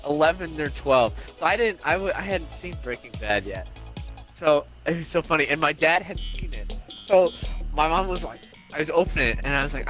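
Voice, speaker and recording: Young man, animated storyteller, lively pitch, music in background. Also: brisk. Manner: animated storytelling, acts out quotes. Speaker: podcast co-host. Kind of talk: casual chat.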